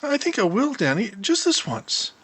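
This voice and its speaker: A man's voice: very high voice, wildly swooping pitch, moderate pace, a bit bright, breathy edge, pitched above the performer's own voice, full character voice. Peter Rabbit, put on by a man, chirpy storybook bunny. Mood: eager. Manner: coaxing, chirpy. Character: gentle kindly male rabbit, bold and cheerful. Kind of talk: storybook character voice.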